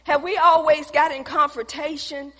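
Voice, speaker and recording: A high, bright-voiced woman preaching a sermon, turning personal testimony into a lesson. She speaks conversationally and calls out to the congregation. Her voice rings with long reverb from a church hall. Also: steady tone, normal speed.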